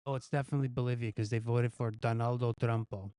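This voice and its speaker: A man's voice: medium pitch, steady tone, quick pace, warm tone, dry recording, clean studio sound. A male host casually reading out news quiz questions, guessing the answers himself and chuckling at his own gag options.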